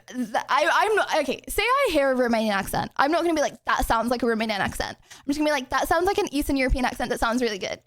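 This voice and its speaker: A young woman streams and chats loosely with her viewers, rambling and giggling. Her voice sits high and bounces all over the place, with plenty of "like" and "bro" along the way. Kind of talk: casual chat answering chat questions.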